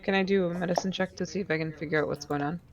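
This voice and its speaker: A woman's voice: on the low side, steady tone, rapid-fire, muffled recording, noisy background. A woman playing a tabletop game, chatty and explaining her character's plans. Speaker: player.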